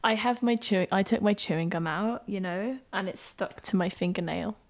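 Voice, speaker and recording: A woman's voice: mid-range voice, moderate pace. A woman co-hosting a casual podcast, chatty and playful, rambling through her thoughts. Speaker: podcast co-host. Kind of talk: casual chat.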